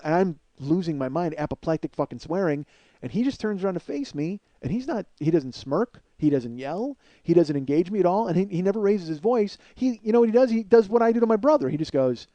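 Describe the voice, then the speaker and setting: Man, middle-aged, comedy podcast host, high-pitched, lively, profane ranting storyteller. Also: quick pace, no echo, highs cut off.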